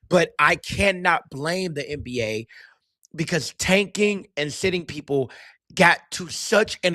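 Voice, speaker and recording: Host, male, fairly high voice, heated slangy delivery, dry close mic. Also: a bit bright, dry recording. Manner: emphatic, heated ranting in slang. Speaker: podcast host. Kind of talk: casual sports and culture talk.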